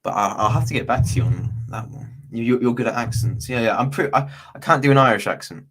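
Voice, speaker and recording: A man's voice: medium pitch, fast talker, fairly bright tone, breathy edge. A man from Bristol, England, chatting casually as a guest on a video call livestream, rambling and slangy with many restarts. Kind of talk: casual chat.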